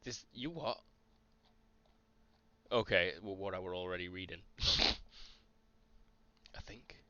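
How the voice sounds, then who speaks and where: A man's voice: deep voice, slow, bright, forceful tone, smooth, muffled recording. A man acting as game master of a tabletop game, explaining rules casually. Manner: casual, rules-focused, swears.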